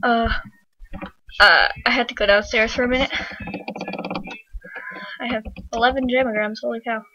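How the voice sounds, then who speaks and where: A woman's voice: fairly high pitch, steady tone, moderate pace. A teenage girl hosting a gaming channel, chatting casually and giggling while she plays. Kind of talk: casual gameplay chat. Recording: muffled lo-fi home mic with hiss.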